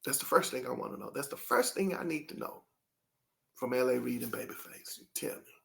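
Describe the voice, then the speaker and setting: A man's voice: medium pitch, expressive, fairly quick, gravelly. A man hosting his own channel, talking casually and rambling to his viewers, throwing out rhetorical questions. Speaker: channel host.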